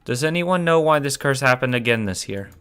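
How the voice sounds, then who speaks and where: A man voicing a cold, commanding teenage girl who leads her clan, speaking stiffly and gravely. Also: medium pitch, lively intonation, fairly quick, fairly bright tone, faint music behind, voice pushed up, close to an everyday voice. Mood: cold formal.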